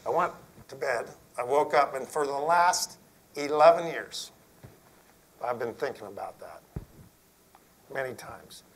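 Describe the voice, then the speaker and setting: A middle-aged man, an Air Force general, telling a story to school principals in a folksy, earnest way, dropping to a hush for emphasis. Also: medium pitch, unhurried, long pauses, low-quality recording.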